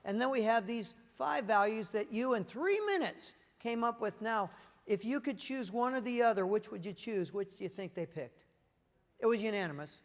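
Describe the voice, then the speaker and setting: A man's voice: high voice, normal speed, long reverb tail. A middle-aged man giving a corporate leadership presentation to a room of people at tables, telling stories and asking rhetorical questions. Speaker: keynote speaker. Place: large meeting room with an audience at tables.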